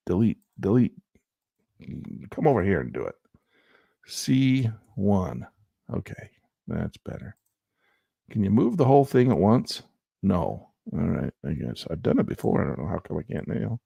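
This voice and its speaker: Gravelly, folksy man rambling over charts. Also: low voice, a little mellow, dry recording, studio quality. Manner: folksy and rambling, talks to himself. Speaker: stock options trader. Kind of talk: casual commentary over trading charts.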